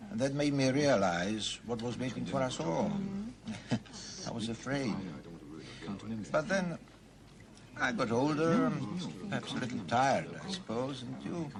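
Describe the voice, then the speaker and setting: An older man playing a wistful Russian émigré veteran, musing slowly about old battles. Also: mid-range voice. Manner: slow, musing, lively intonation.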